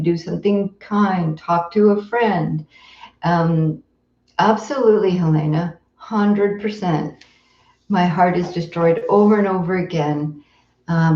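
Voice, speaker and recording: A woman meditation teacher giving a live-streamed dharma talk in a gentle, tender, unhurried way with soft pauses. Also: medium pitch. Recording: roomy echo, dull lo-fi sound.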